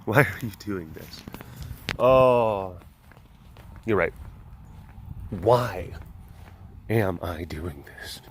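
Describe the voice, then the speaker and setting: A man's voice: low-pitched, lively intonation, very slow, long pauses, a little hiss or hum. A man vlogging outdoors at an animal facility, making playful, jokey asides to viewers and to the animals. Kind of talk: casual chat.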